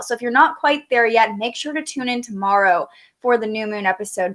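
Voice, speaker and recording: A young adult woman hosting a live astrology forecast, talking in an upbeat, chatty way and reading out viewer comments. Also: medium pitch. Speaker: astrology show host.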